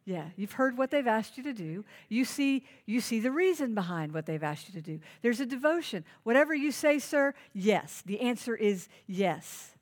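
A woman pastor preaching a sermon, earnest and emphatic, asking the congregation questions. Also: a little high.

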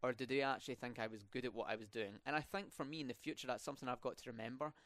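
A man's voice: mid-range voice, fairly even intonation, very fast, a bit bright, dry recording. A young man from Scotland with a Scottish accent and rolled R's, chatting casually as a student podcast host, with many fillers and restarts. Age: young adult. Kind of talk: casual interview chat.

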